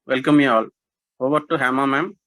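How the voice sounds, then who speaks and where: A man gives a formal welcome speech, repeating greetings to each guest with small filler pauses. His voice is dry and close, with no room sound. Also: medium pitch, fairly even intonation, fairly bright tone, dry recording, rough recording. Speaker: assistant professor giving a welcome address. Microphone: video call.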